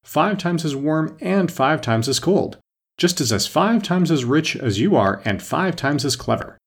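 Bossy storybook queen, high and commanding, a male reader putting her on; husky edge. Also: very animated, heavily acted. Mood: domineering. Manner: brisk, commanding, scolding. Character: bossy imperious adult female queen.

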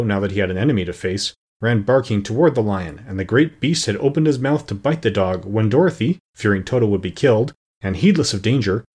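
A man reading a classic children's story aloud with steady, expressive pacing. His voice is low and husky. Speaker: audiobook narrator. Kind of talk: scripted narration.

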